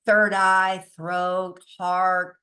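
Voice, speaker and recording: A woman's voice: on the low side, little pitch movement, drawn-out words, sharp tone. A woman giving an informal spiritual teaching, chatty and emphatic, often laughing and mildly cursing, sometimes losing her place or reading from notes. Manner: loses her place and restarts, reads from notes.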